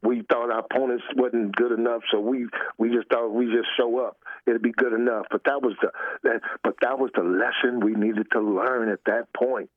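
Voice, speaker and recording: A man's voice: medium pitch, steady tone, normal speed, no room sound. Older man laughing through a phone line. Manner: laughs often, loose and folksy. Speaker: former football player, guest. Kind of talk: casual interview storytelling.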